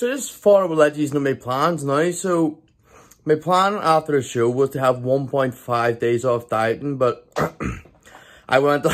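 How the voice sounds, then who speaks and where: A young man talking to camera in a casual vlog, excited and rambling, with lots of swearing and restarts. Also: medium pitch. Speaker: bodybuilder vlogger.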